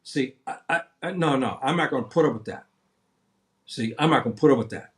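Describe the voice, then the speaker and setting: A man's voice: mid-range voice, expressive, a little fast. A seventy-year-old man hosting a livestream, talking in a heated, rambling way and often repeating himself and restarting his sentences. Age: 70s. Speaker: livestream host. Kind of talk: impassioned livestream monologue.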